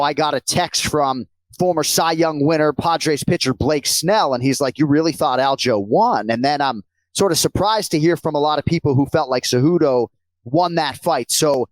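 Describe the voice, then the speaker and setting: A man's voice: fairly high pitch, no echo, poor audio. A man hosting a podcast who reads tweets aloud and asks his guest questions in an upbeat, casual way. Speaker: podcast host.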